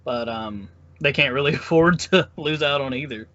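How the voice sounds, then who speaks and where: Bright-voiced male podcast host. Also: medium pitch, moderate pace, muffled recording. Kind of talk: casual sports podcast chat.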